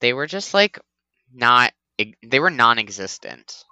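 A man's voice: medium pitch, big pitch swings, unhurried, pushed and bright, dry recording. A man hosting a podcast, chatting casually and rambling with lots of "like". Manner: rambling, heavy use of "like". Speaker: podcast host. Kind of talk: casual chat.

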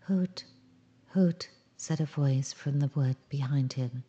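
A woman reading a children's story aloud in a calm, measured storybook style. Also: very deep voice, muffled recording.

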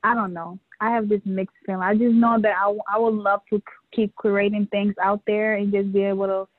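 A woman's voice: mid-range voice, brisk, no room sound. A woman from New York, a guest telling stories in a casual chat, laughing often. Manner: laughs often, animated storytelling. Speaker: interview guest, fashion show organizer. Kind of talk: casual conversation. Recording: tinny phone line.

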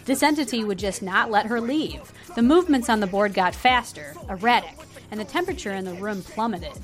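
A woman's voice: medium pitch, a little fast, soft background music. A woman co-hosting a casual podcast, reading stories aloud and chatting playfully with frequent laughter. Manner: animated, laughs often, playful.

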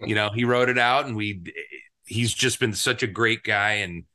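A man who is a guest and business owner, telling a story in an excited, rambling way and acting out what people said. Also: fairly low pitch, moderate pace. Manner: excited, rambling, acts out quotes. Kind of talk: storytelling in an interview.

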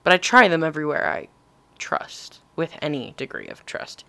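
Young woman, casual vlog chat, giggly, animated, bright tone. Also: sits low, moderate pace, gravelly. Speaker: vlog co-host.

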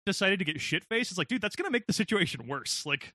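A man with a high, bright voice talks in a casual gaming chat. He is animated and swears often, and his pitch jumps all over. The sound is dry and close. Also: fast talker, no echo.

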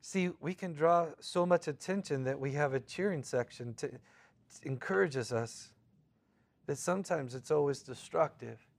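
A man preaching a conversational sermon, casual and animated, acting out quoted voices between frequent fillers. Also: a little high, moderate pace, vocal fry. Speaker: pastor.

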